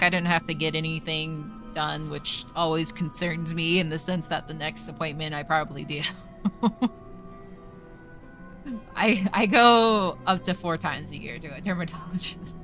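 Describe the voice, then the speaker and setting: A woman streamer with a low-sitting voice chats casually with her live-stream viewers. She's talkative, thinks out loud and swears offhandedly.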